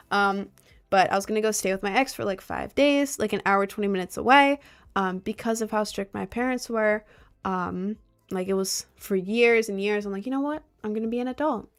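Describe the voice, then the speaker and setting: A young woman in casual storytime chat, animated and exasperated, sometimes slipping into mock voices of others. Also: mid-range voice. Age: young adult. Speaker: vlogger.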